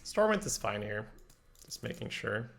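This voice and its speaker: A man's voice: lowish voice, sing-song, a little slow, vocal fry. A man from Belgium, a game streamer chatting casually while thinking aloud about his plays and answering viewers. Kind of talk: casual live-stream commentary.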